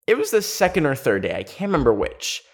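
A man's voice: fairly high pitch, wildly swooping pitch, fast. A young man telling a personal story in a chatty vlog style, filling his speech with "like". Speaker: video creator.

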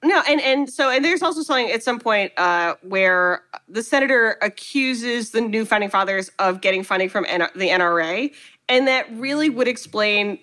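A woman with a bright, high voice chatting casually as a podcast co-host. She retells a movie plot with animated storytelling and slips into quick acted-out lines for the characters. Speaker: podcast co-host recapping a film. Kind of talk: casual chat.

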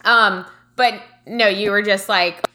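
A woman's voice: mid-range voice, fairly even intonation, slow pace, pushed and bright. A woman co-host chatting casually, filling her talk with "like" and laughing often. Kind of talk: casual chat.

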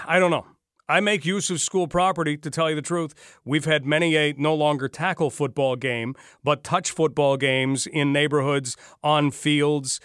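A talk radio host speaks into a studio microphone, his voice fairly high and fairly bright on a dry recording. He is conversational and wry, with a streak of dry sarcasm.

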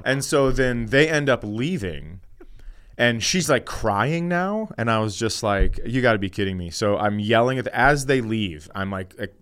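A man's voice: medium pitch, a little slow, smooth. A man, a comedian co-hosting a podcast, telling a story in a casual, profane way and laughing as he talks. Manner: animated, profane storytelling, often laughing mid-sentence.

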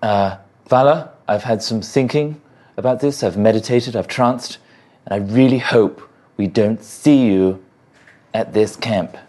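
A man playing a tabletop game, speaking calmly and in a measured way. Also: on the low side. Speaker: player. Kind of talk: tabletop role-play.

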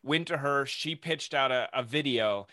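Bright, dry-voiced man telling stories. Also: mid-range voice, moderate pace, no echo. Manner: relaxed storytelling with filler words. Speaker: podcast guest. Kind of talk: casual podcast chat.

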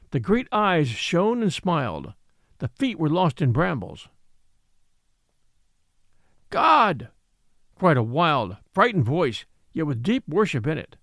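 Brief: dramatic male storyteller reading an old tale, lively and expressive. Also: fairly high pitch, gravelly, no room sound, clean studio sound. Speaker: narrator. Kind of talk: scripted audiobook narration.

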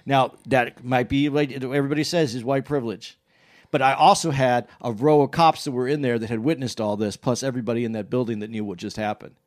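A man with a mid-range voice chats casually at a fairly quick pace, telling a rambling story with many restarts and self-corrections. He grows animated as he retells exchanges.

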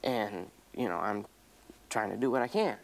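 A man taking part in a couples counseling exercise, speaking haltingly and pleadingly, repeating words as he voices his hurt. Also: fairly low pitch, vocal fry. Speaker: workshop participant. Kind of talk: emotional confrontation exercise. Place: counseling seminar room.

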